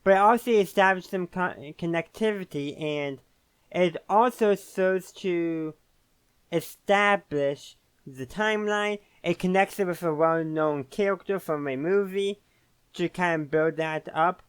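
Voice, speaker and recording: A man's voice: sits high, a little slow, clean tone, no echo. A man hosting a casual video game commentary, rambling and often correcting himself mid-sentence. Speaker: host.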